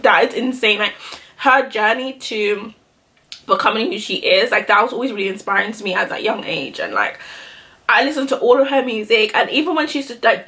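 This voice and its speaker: Getting ready on camera, a young woman beauty vlogger talks in a fairly high, fairly bright voice. It's a casual get-ready-with-me chat, rambling and stuffed with "like".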